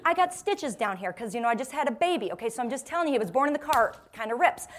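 A woman in her forties giving a humorous storytelling talk to a live audience, lively and self-mocking, laughing often and acting out what people said. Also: high voice, fast talker, few pauses, a little hiss or hum. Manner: lively, self-mocking, acts out quoted voices. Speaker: motivational speaker.

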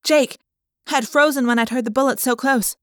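A woman reading a first-person audiobook in a lively, breathless storytelling manner. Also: high voice, moderate pace, no room sound, clean studio sound. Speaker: audiobook narrator.

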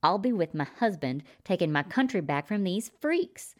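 A woman's voice: lowish voice, very animated, moderate pace, voice pushed up. A woman voicing a fierce, scornful prepper wife who snaps at the men in a storybook reading. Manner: snapping, contemptuous.

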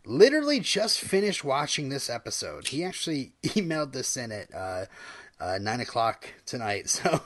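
Lively, halting podcast host. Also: medium pitch. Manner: halting, many fillers, laughs often. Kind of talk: casual chat, reading listener email.

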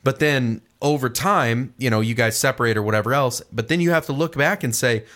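A man co-hosting a casual conversation, telling stories in an animated way. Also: medium pitch, brisk. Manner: animated storyteller, acts out quoted voices.

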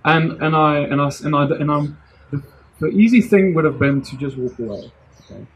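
Earnest man telling a story, slightly high. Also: moderate pace, slight background noise, low-quality recording. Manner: earnest, excited, rambling with many restarts. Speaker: vlogger sharing a testimony. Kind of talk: casual personal storytelling.

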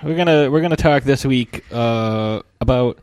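A man's voice: medium pitch, moderate pace, a little mellow, smooth. A man hosting a podcast in casual chat, joking, teasing and sarcastic. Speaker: podcast host.

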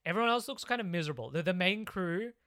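Man, high voice, bright tone, sarcastic podcast co-host, casual film recap. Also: animated, fast. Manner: sarcastic, recapping plot with asides. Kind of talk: casual chat reviewing a film.

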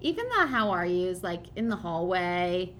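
A woman's voice: on the low side, big pitch swings, normal speed, a bit bright, slight background noise. A woman co-hosting a podcast in casual chat, with wry, dry humor. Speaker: podcast co-host.

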